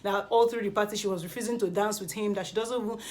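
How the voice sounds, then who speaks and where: A woman with a Nigerian accent recapping reality show gossip in a dramatic, animated way, dropping pidgin interjections. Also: medium pitch, fast. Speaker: entertainment gossip vlogger.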